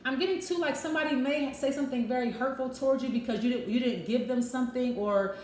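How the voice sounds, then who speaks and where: A woman's voice: high voice, quick pace, a little mellow. A woman giving a casual tarot love reading, chatty and repetitive, with frank, profane asides. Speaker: tarot reader. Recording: echoey room with faint noise.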